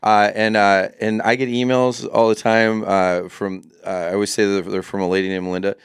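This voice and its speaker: A man's voice: fairly low pitch, level tone, moderate pace, clean tone, dry recording, studio quality. A man from Wisconsin with a Wisconsin accent, a comedian chatting loosely as a podcast guest, rambling and mocking himself. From Wisconsin, US Midwest. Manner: rambling, self-mocking, acts out voices of others. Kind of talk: casual podcast chat.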